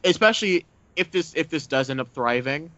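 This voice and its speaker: A man's voice: on the high side, animated, a little fast, bright, forceful tone, no room sound, highs cut off. A man co-hosting a casual movie review podcast, rambling and hesitant with lots of fillers. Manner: rambling, hesitant with many fillers, laughs often. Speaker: podcast co-host.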